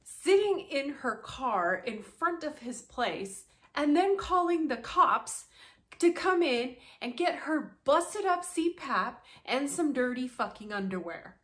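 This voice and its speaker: A woman's voice: sits high, expressive, slow, fairly bright tone. A young woman talks through drama in a loose, casual commentary. She's sarcastic, swears freely and keeps breaking into laughter. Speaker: commentary channel host.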